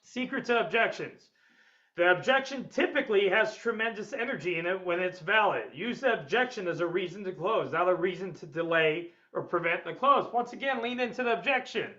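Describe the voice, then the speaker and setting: A man teaching a sales webinar in an energetic, blunt way, swearing freely and acting out what clients say. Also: high-pitched, fairly quick, lo-fi sound. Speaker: sales trainer. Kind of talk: webinar seminar lecture.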